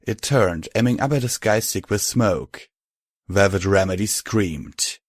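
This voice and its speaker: Male audiobook narrator, lowish voice, dry close sound. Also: measured pace, no room sound. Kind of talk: scripted narration.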